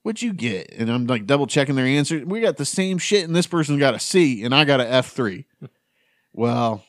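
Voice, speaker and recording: A man's voice: medium pitch, fairly quick, dry recording. Profane storytelling man, dry close mic. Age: 30s. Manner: profane, animated storyteller acting out quotes. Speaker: podcast host. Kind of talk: casual storytelling among friends.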